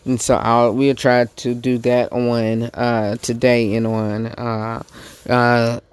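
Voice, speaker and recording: A man hosting a podcast, giving a casual commentary monologue, halting and repeating himself with many fillers. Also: mid-range voice, level tone, clean tone, no echo. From United States. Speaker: podcast host.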